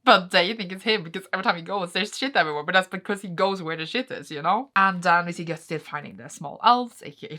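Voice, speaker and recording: A woman's voice: fairly low pitch, sharp tone. A young woman casually recapping manga chapters at home on her vlog, rambling with lots of fillers. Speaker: manga reading vlogger.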